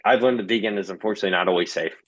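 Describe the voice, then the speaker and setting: Speaking very fast in a fairly low pitch, a young male guest chats through his own story, leaning on fillers and quoted exchanges. There's no room sound in the recording.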